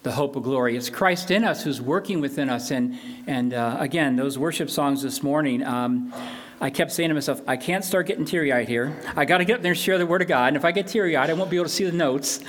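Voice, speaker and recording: An older man delivers a sermon from the pulpit in an earnest, emphatic way. His voice sits high for a man, and he drives his points home by repeating phrases. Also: brisk, fairly bright tone. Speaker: pastor.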